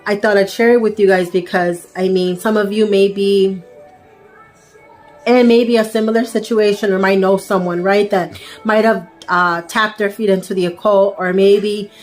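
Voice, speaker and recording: A woman's voice: medium pitch, fairly even intonation, normal speed, a little mellow, faint music behind. A young woman telling a personal faith testimony in a casual, storytelling way, tossing in frequent "right?" asides and fillers. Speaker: vlogger sharing a faith testimony.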